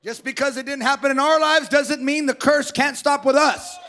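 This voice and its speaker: Fiery preacher man, high and bright voice, raspy edge, shouts often in church. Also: steady tone, moderate pace, slight background noise. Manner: shouting, joking, calls for amens. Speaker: pastor. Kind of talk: energetic sermon.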